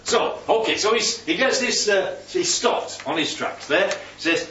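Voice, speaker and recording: A man's voice: high voice, lively intonation, measured pace, few pauses, bright, forceful tone, a little hiss or hum. A man leading a Bible study, teaching and quizzing the group with questions. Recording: roomy, distant, dull sound.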